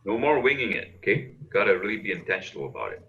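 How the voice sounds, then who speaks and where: A man's voice: lowish voice, big pitch swings, fast, fairly bright tone, dull audio. A man coaching on a video call as a speaker trainer, emphatic and repeating words to push his points.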